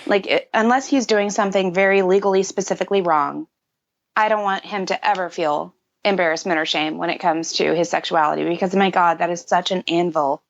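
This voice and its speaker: A woman's voice: lowish voice, fairly even intonation, fairly quick, creaky. A woman in her thirties, a podcast guest, speaking candidly and reflectively in casual conversation, with many fillers. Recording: dull lo-fi audio.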